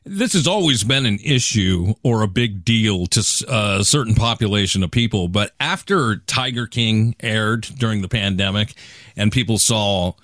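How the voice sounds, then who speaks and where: A man's voice: fairly low pitch, animated, normal speed, a bit bright, dry recording, clean studio sound. Laid-back man. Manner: laid-back, says dude. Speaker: co-host. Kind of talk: casual chat.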